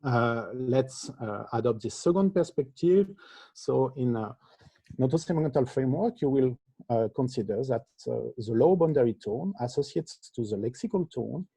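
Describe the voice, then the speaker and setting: Hesitant husky man giving a lecture. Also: medium pitch, lively intonation, moderate pace, warm tone, dry recording. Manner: hesitant, frequent filler sounds. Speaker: conference presenter. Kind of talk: academic lecture.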